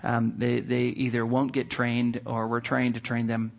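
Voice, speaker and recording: A man preaching a sermon, telling a story in a conversational, wry and animated way before drawing the lesson. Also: mid-range voice, measured pace, creaky. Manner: conversational, with frequent restarts. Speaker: pastor. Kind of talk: sermon illustration told as a story.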